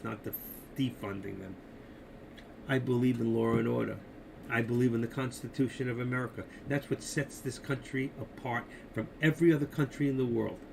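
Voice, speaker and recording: Older male streamer with a gravelly voice, rambling and opinionated, addressing viewers directly. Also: medium pitch, noisy background. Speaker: live stream host. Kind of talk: casual live-stream chat about markets.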